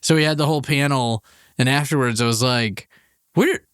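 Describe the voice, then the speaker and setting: Male podcast co-host, mid-pitched, clear voice, animated storyteller. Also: normal speed, dry recording, clean studio sound. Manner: rambling, animated anecdote with many restarts. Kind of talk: casual storytelling among friends.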